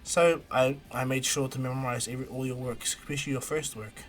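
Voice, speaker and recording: A man voicing a brash, cheerful young male ninja hero, excitable and upbeat. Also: mid-range voice, brisk, natural voice. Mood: eager.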